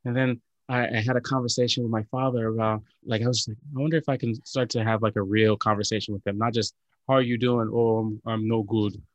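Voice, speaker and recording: A man's voice: medium pitch, steady tone, fast, no echo, dull audio. A man in casual conversation, talking in an earnest, reflective way with many filler likes and restarts. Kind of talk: casual chat.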